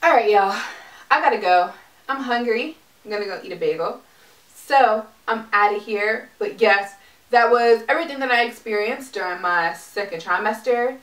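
A woman's voice: fairly high pitch, normal speed, fairly bright tone, far from the mic. A young adult woman chatting casually in a vlog, talking in a loose, filler-heavy way. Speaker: pregnancy vlogger. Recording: echoey room, mic set back.

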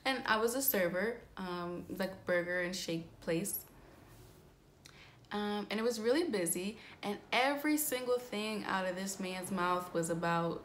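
A woman's voice: mid-range voice, a little slow, a little hiss or hum. A young woman chatting candidly in a casual vlog, swearing freely and filling her speech with "like" and "um". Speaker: astrology vlogger.

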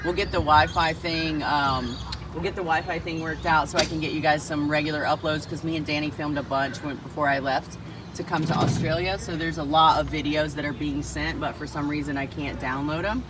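A woman hosting a live-stream vlog from a small boat on a crocodile lake, chatty and excitable, greeting and thanking viewers. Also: low voice, a little fast. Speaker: vlog host. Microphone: phone held by the speaker. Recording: loud boat engine noise outdoors.

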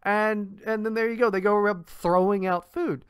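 A man with a high-pitched, steady voice co-hosts a podcast, ranting in a profane, exasperated, casual way and restarting his sentences often. He speaks smoothly at normal speed, and the clean studio recording has no echo.

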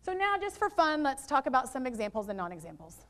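Woman workshop presenter, high-pitched, upbeat, draws answers from a live audience of teachers. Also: quick pace. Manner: lively, quizzes audience with questions. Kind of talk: interactive teacher training workshop. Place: training room with live audience.

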